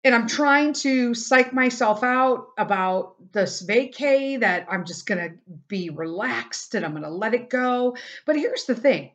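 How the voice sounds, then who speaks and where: A woman's voice: on the high side, expressive, a little slow, fairly bright tone. A middle-aged woman hosting a casual solo podcast, venting bluntly and swearing a lot as she talks about her family and her frustrations. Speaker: podcast host.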